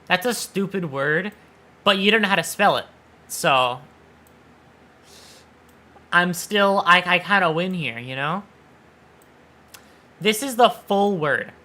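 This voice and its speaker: A man's voice: high-pitched, lively intonation, slow pace, long pauses, pushed and bright. A man streaming live, chatting casually and teasing his viewers, with playful swearing. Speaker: VTuber streamer.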